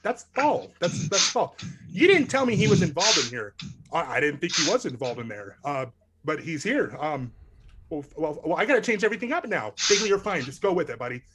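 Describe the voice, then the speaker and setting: A young man narrates a live tabletop game as its game master. His voice is a touch high and husky, and he rambles and stumbles through his fillers. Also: very animated, fairly quick, fairly bright tone.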